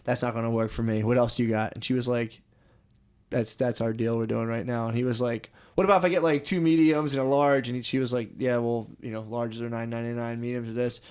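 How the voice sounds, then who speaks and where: This young man's voice is mid-range, monotone, and fast, with a darkish, clear, resonant tone. As co-host of a comedy podcast in casual chat, he tells rambling, swear-laden stories and says "dude" all the time.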